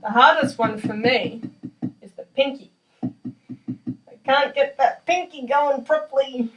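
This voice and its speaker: A woman's voice: high-pitched, takes it slowly, muffled recording. A young woman, a percussion student, casually demonstrating snare exercises in a practice room, chatty and self-deprecating with many fillers. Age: young adult. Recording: distant mic with drumming behind.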